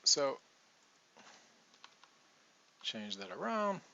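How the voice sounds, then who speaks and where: Bright-voiced coach. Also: male voice, medium pitch, big pitch swings, gravelly, dull audio, a little hiss or hum. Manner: patient, repeats example sentences slowly. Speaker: accent coach. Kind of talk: relaxed teaching monologue.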